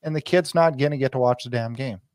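A man's voice: medium pitch, fast talker, a little mellow, no echo. A man co-hosting a hockey podcast, ranting emphatically and repeating his points. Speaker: podcast co-host. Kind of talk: casual sports chat.

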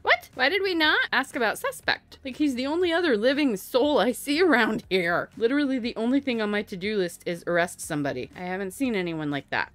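A woman's voice: mid-range voice, a bit bright, no room sound. A young woman giving casual let's play commentary, chatting along and scolding the characters on screen. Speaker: gameplay streamer.

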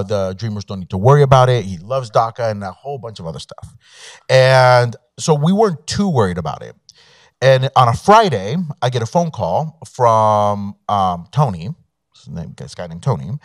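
Low-voiced man telling a story. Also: sing-song, normal speed, no echo, clean studio sound. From Mexico. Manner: conversational, many fillers and quoted dialogue. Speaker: immigration attorney, guest speaker. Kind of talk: storytelling talk to an audience. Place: law school event room.

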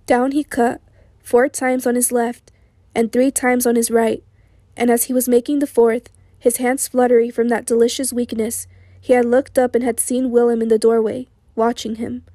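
A woman with a hoarse voice reading an audiobook in a slow, steady, sombre way. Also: fairly high pitch, dry recording, clean studio sound. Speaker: audiobook narrator. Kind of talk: audiobook narration.

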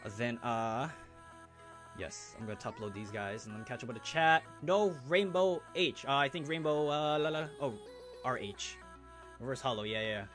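A young man hosting a live stream, chatting casually and excitedly with viewers in slang as he opens trading cards. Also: medium pitch, moderate pace, over music.

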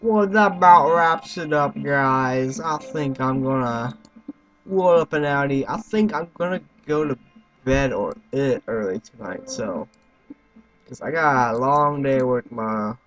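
A young man giving let's-play commentary, excitable, swearing and yelling at other players. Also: mid-range voice, measured pace. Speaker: gaming YouTuber. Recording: slightly muffled with faint noise.

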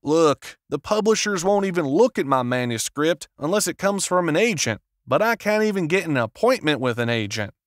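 A man's voice: fairly high pitch, lively intonation, unhurried, a bit bright, dry recording, studio quality. A man voicing a desperate, frustrated would-be author who pleads in a raised, agitated voice, read as an audiobook character. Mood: pleading.

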